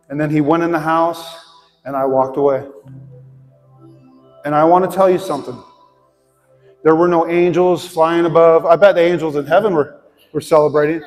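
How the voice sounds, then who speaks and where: Earnest high-voiced male pastor. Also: darkish tone. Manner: earnest, heartfelt storytelling. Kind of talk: sermon with personal story and prayer. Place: church sanctuary. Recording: long hall reverb, faint music.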